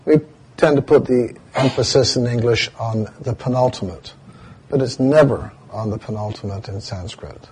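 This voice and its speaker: A man giving a dharma talk as a meditation teacher, telling stories and slowly spelling out Sanskrit chant words. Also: mid-range voice, mellow, slight background noise.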